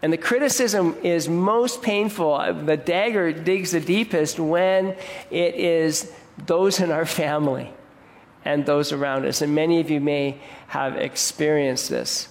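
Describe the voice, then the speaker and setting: A man's voice: a little high, fairly even intonation, a little slow, big-room sound. A man preaching a sermon in a conversational way, now and then raising his voice to mock grumbling people. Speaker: pastor.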